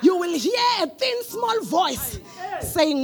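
A woman with a South African accent preaching a sermon, shouting declarations and chanting in rhythmic bursts. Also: very high voice, very animated, slow pace.

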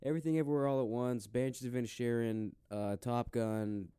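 A man's voice: mid-range voice, steady tone, brisk, warm tone, clear, resonant tone, no echo, clean studio sound. A man co-hosting a casual podcast, talking bluntly with lots of swearing and filler words. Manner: profane, blunt, filler-heavy. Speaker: podcast co-host. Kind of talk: casual chat.

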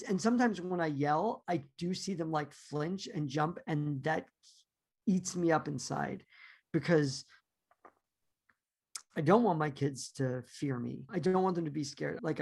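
A man's voice: high voice, creaky. A man in his forties, a podcast guest talking candidly and reflectively about himself, often trailing off.

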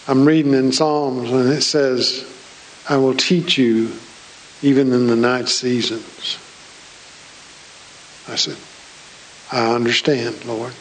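A man's voice: mid-range voice, steady tone, takes it slowly, pauses often, a little hiss or hum, rough recording. A man preaching a sermon in church, folksy and joking with his congregation. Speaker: pastor.

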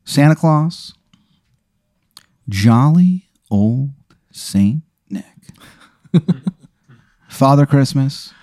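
A man's voice: mid-range voice, lively intonation, drawn-out words, long pauses, dark tone, dry recording. Chatty man narrating a role-play, dry. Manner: chatty, laughs often, many fillers. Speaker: game master.

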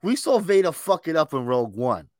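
Animated, laughing male podcast co-host. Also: fairly high pitch, fairly quick, no room sound, clean studio sound. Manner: laughs often, swears casually, calls his co-host bro. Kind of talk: casual pop culture chat.

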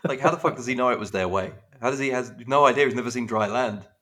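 A man's voice: mid-range voice, fast talker, a bit bright. A man co-hosting a casual podcast, chatty and given to casual swearing as he retells scenes. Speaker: podcast co-host. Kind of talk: casual chat.

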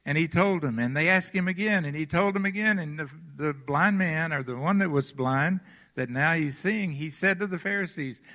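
A man preaching a sermon as pastor, retelling scripture stories slowly and with emphasis before leading communion and prayer. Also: on the high side, bright, forceful tone, in a large hall. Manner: slow, emphatic storytelling preaching.

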